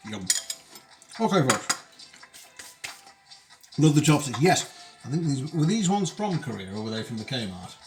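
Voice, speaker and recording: A man's voice: mid-range voice, sing-song, measured pace, pauses often, over music. A man hosting a casual live cooking stream from his home kitchen, chatting while he eats. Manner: chatty, talks while eating. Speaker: streamer host.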